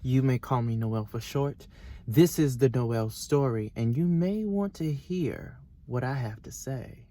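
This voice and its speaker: A man's voice: medium pitch, measured pace, dark tone. A young man hosting his own vlog, speaking boldly to the viewer in a challenging, motivational way. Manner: bold, challenging, addresses the viewer directly. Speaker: vlog host. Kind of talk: direct-to-camera motivational talk.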